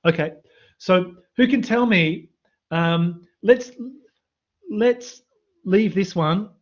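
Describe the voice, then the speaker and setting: A man's voice: high voice, extremely slow, lo-fi sound. A man teaching a live-streamed maths revision lesson, quizzing students in the chat. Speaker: university maths lecturer. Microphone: computer mic on a live stream.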